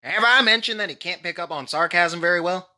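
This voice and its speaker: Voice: mid-range voice, a little fast. A performer voicing a dry, sarcastic male clay-animation figure who reviews movies. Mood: calm. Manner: deadpan, sarcastic.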